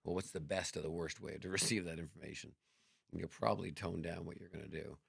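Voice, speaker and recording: A middle-aged man, a guest on a chat show, telling stories in a lively way, acting out both sides of conversations and swearing freely. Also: deep voice, fast talker, dry recording, clean studio sound. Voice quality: gravelly. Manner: animated, acts out dialogue, swears freely. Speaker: podcast guest. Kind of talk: casual storytelling chat.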